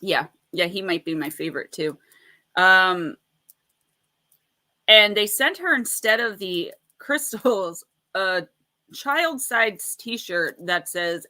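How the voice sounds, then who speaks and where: A woman's voice: medium pitch, expressive, slow pace, sharp tone. A woman hosting a casual livestream of oracle card readings, chatty and rambling, laughing often and greeting viewers by name.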